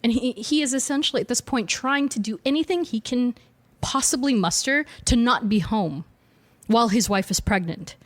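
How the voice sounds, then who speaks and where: A woman's voice: a little high, normal speed. A woman co-hosting a podcast, casually and animatedly retelling a comic story with frequent laughs and slangy asides. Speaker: podcast co-host. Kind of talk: casual chat recapping comics.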